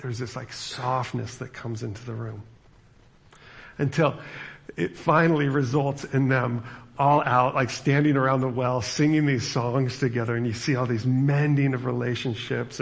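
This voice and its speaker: In his sermon, a middle-aged pastor casually recounts a film's story, his speech thick with fillers. His voice sits at medium pitch and sounds creaky.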